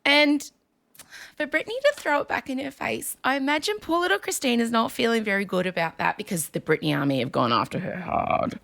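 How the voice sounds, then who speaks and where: Woman podcast host, bright tone, animated, laughs often, casual chat. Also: a little high, brisk, gravelly. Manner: animated, laughing, dramatic readings.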